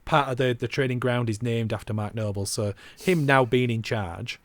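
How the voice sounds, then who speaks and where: A man's voice: medium pitch, moderate pace, dry recording. A man co-hosting a football podcast, chatting casually and rambling with self-mocking asides. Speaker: podcast co-host.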